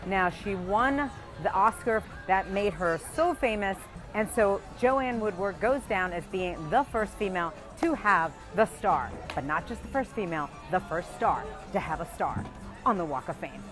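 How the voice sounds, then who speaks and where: A woman's voice: mid-range voice, lively intonation, moderate pace, over music. A woman hosting a show outdoors on a busy street, bubbly and laughing often. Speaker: host. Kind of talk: lively presenting to camera.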